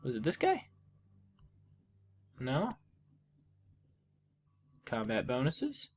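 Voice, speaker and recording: A man's voice: mid-range voice, big pitch swings, moderate pace, pushed and bright. A man giving casual gameplay commentary, talking to the game with exasperated outbursts. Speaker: let's play gamer.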